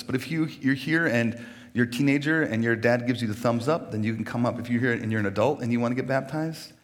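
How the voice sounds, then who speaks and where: A man pastor on a church stage inviting people to be baptized, chatty and joking, laughing often and restarting his sentences. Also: mid-range voice. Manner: laughs often between phrases. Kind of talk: casual sermon invitation.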